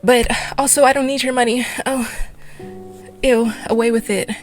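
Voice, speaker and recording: A woman's voice: fairly high pitch, fairly even intonation, normal speed, faint music behind, pitched above the performer's own voice, lightly acted. A woman mocking a whiny self-absorbed woman. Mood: mocking whine. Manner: sarcastic mocking impression.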